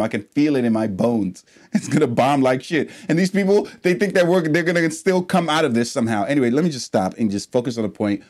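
A man in a casual reaction vlog who talks at an ordinary middle pitch. He rambles and curses freely. He drops into low mutters, then climbs into loud, fired-up rants. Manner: rambling, profane, ranting; swings from low mumbling to heated loud outbursts. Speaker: reaction channel host.

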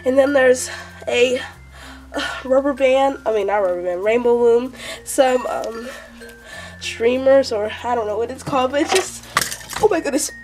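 A female vlogger, gushing and excitable, who is sick and sounds a little off while unboxing a package. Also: high voice, unhurried, pauses often, soft background music. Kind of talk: unboxing vlog.

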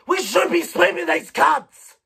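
A woman shouting a furious, swear-filled sports rant in her own vlog. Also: extremely high pitch, lively intonation, a little slow, gravelly, distant mic. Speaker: sports fan vlogger.

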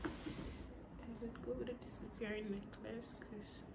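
A woman's voice: fairly high pitch, level tone, slow, creaky. A woman vlogging in a casual, chatty way, giggling and often half-whispering. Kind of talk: casual vlog chat. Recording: noisy background ambience.

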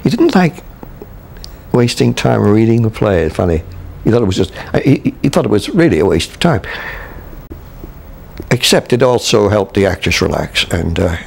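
An older man from Canada looks back on his years on stage. He speaks in a deep, gravelly voice, stopping and restarting his sentences and chuckling as he remembers. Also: very animated, darkish tone, a little hiss or hum. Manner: halting, with many restarts and chuckles. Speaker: interviewee, veteran stage actor. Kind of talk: reminiscing interview.

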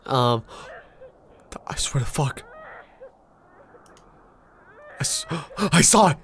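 A man streams a horror game as a let's play, his medium-pitched, slightly bright voice expressive and slow. He reacts with jumpy outbursts and constant swearing, and the audio carries a little hiss or hum.

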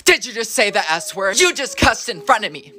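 A woman's voice: fairly high pitch, big pitch swings, brisk, bright, forceful tone. A woman playing a smug, attention-seeking teenage schoolgirl in comedy sketches, talking down to others and bursting into dramatic whines. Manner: condescending, dramatic, whiny outbursts. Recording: music playing behind the voice. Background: music.

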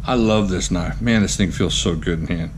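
Excitable man gushing over his collection. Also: low voice, normal speed, background noise. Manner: excitable, gushing exclamations and goofy jokes. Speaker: knife collector, channel host. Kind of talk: casual show-and-tell vlog.

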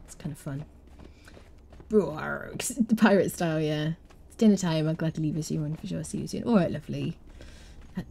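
Mellow, low-voiced woman streamer. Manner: chatty, rambling, answers chat. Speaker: game streamer. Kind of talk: live gameplay stream chat.

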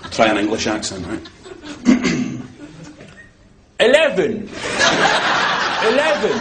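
A man's voice: a little high, wildly swooping pitch, slow, very noisy, full character voice. An actor with a Scottish accent playing a sarcastic, increasingly furious man stuck in a lift in a sketch comedy. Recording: roomy studio, loud audience laughter.

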